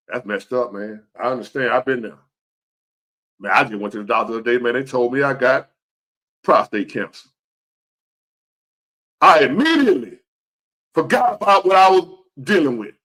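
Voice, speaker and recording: A man's voice: mid-range voice, animated, moderate pace, pauses often, a bit bright. A man in his fifties giving a blunt, profane, preachy motivational rant to the camera. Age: 50s. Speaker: vlogger.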